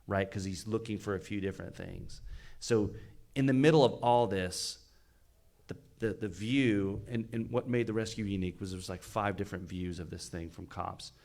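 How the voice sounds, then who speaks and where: A man's voice: low-pitched, a little fast, gravelly, a little mellow. A man, a fire battalion chief, telling a rescue story in casual podcast chat, earnest and emphatic, often stumbling and repeating words. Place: recorded live on location at a fire expo.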